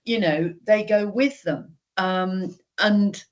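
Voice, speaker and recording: Man giving brisk, decisive political takes. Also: high-pitched. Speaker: political commentator. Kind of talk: casual political chat.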